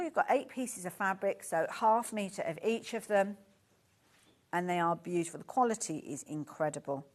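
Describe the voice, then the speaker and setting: This studio presenter on a live shopping show is a Birmingham-accented woman with a mid-range voice, showing off fabric. Her manner is chatty and effusive, and she's easily distracted.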